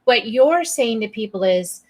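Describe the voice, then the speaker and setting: A woman hosting an interview, her voice sitting a little high. She thoughtfully restates what her guest has said and checks in with her as she goes. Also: lively intonation, unhurried. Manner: reflective, sums up the guest's points and checks in. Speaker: interview host. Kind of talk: conversational interview.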